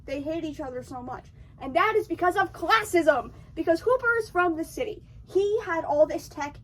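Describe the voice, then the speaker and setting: A woman's voice: extremely high pitch, lively intonation, normal speed, far from the mic. A young woman retelling a film's plot in a chatty, slangy way, acting out the characters' lines as she goes. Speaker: video essayist. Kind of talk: casual film recap.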